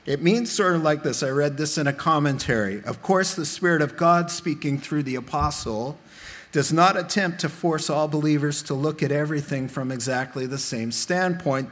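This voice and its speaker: A man preaching a sermon in a church, animated and humorous, making direct appeals to the congregation. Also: mid-range voice. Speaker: pastor. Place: church sanctuary.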